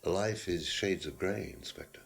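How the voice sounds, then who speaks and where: A smug, very deep-voiced lecturer. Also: male voice, a little slow, gravelly. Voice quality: pompous, dismissive. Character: smug condescending male lecturer under questioning. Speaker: suspect in a detective game. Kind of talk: FMV game acting.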